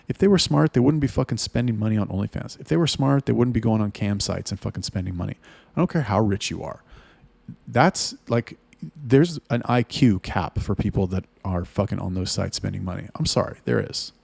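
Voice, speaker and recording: A man's voice: fairly low pitch, fairly quick, vocal fry, darkish tone, slightly rough, no echo. A man talking casually and bluntly to camera about running his business, swearing freely and restarting his sentences often. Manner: blunt and profane, with frequent restarts. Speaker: webcam studio owner.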